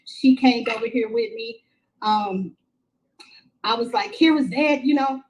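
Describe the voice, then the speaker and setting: A middle-aged woman from Texas, a mother telling her story in a live-stream interview, halting and repeating herself with many fillers. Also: a little high, steady tone, poor audio. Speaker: grieving mother, interview guest. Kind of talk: emotional first-person account in a live-stream interview.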